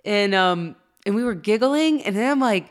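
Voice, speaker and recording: A woman's voice: medium pitch, moderate pace. A woman in her thirties, a podcast co-host, telling a personal faith story in casual conversation and acting out the reactions of people in it. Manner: animated, acts out quoted reactions.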